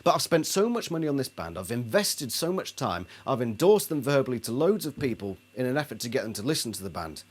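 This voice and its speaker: A man ranting about a band in a sarcastic, indignant video monologue. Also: mid-range voice. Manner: indignant, sarcastic, mocks others in put-on voices. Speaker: album reviewer.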